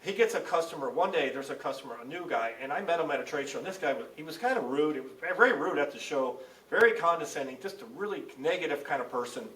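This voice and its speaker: Middle-aged male CEO guest, rapid animated storyteller, voice distant and roomy. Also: fairly high pitch. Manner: animated storyteller acting out dialogue. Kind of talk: casual podcast conversation. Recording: roomy, distant mic with faint ambience.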